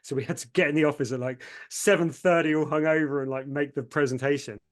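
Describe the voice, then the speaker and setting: This podcast guest, a man who founded an agency, talks fast in a steady, slightly high voice. His storytelling is heartfelt and open, with repeated words in emotional moments and reenactments of others' lines.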